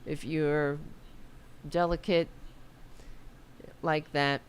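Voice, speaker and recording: Speaking in a low-pitched, flat voice and drawing out her words, a middle-aged New York woman runs a political livestream as its podcast host. There's a faint hiss or hum, and she rambles and swears loosely, self-conscious about her hair.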